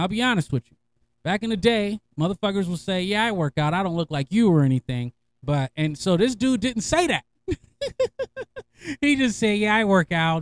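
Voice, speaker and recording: A fairly high-pitched man talks casually to his listeners, swearing freely and breaking into laughter. He tells his stories in an animated, conversational way. He sounds middle-aged and relaxed. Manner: laughing, profane, animated storyteller. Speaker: podcast host. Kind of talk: casual storytelling monologue.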